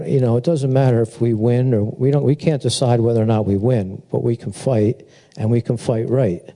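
A man preaching at a memorial service, telling a rambling, animated story in a casual sermon style. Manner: rambling storyteller, animated, mimics a chirping bird in a high voice. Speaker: pastor speaking at a memorial. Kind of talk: informal eulogy sermon.

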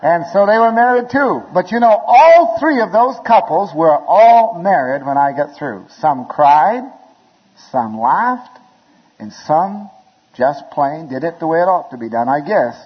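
A man preaching a sermon in a church, telling wedding stories with chuckles and building to shouted appeals. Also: a little high, sing-song, unhurried, breathy edge. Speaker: pastor. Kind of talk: storytelling sermon. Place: church sanctuary. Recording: lo-fi recording with long hall reverb.

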